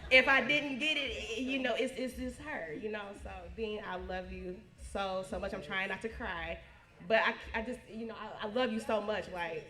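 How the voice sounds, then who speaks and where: A woman speaking at a family birthday party as the honoree's niece, halting and emotional, often restarting her sentences. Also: mid-range voice, steady tone, crowd noise. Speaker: niece giving a birthday tribute. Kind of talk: heartfelt casual speech. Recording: echoey room.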